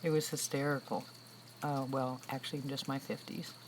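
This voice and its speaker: A woman's voice: extremely low pitch, level tone, normal speed, noisy background. A woman in her sixties chatting casually with viewers on a livestream, telling stories and laughing often. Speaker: livestream host. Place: room with a loud air conditioner.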